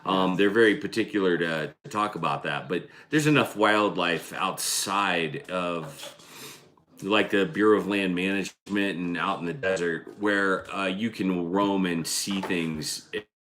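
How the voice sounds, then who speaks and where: A man co-hosting a casual homestead vlog livestream, talking in an easygoing, halting way with many restarts. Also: deep voice, fairly bright tone, slight background noise. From United States. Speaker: vlog co-host.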